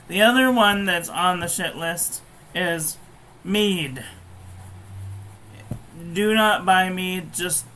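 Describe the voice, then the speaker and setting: Slow-talking blunt woman reviewer. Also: lowish voice, fairly bright tone, a little hiss or hum, poor audio. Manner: blunt, frank, casually profane. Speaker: stationery reviewer. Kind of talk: casual review chat.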